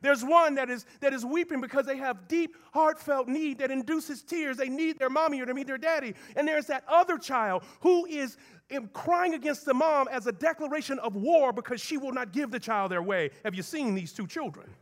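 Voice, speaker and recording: A man preaching a sermon as pastor, moving between soft low asides and raised, emphatic lines. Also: moderate pace.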